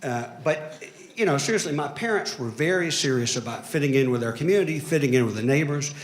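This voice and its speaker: Man, Southern Alabama accent, stand-up comic, deadpan, slightly high voice, echoey room. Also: quick pace. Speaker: lawyer doing stand-up. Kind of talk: stand-up comedy set. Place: comedy stage before a live audience.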